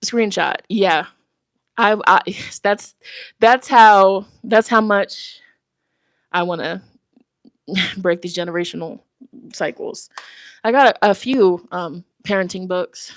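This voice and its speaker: A breathless woman talks casually to her livestream audience, chatty and quick to giggle. Her voice sits at a mid pitch. It is close on a phone mic with a dry sound and no room echo. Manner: chatty and giggly, calls viewers "y'all". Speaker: tarot reader and spiritual host. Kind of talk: casual livestream chat with viewers. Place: at home, walking around. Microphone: phone microphone held close.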